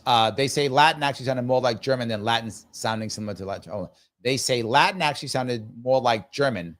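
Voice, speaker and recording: Medium in pitch and a bit bright, this show host's voice belongs to a man in his fifties. On his live stream he reads out viewer comments and responds in a relaxed, musing manner, frequently repeating himself.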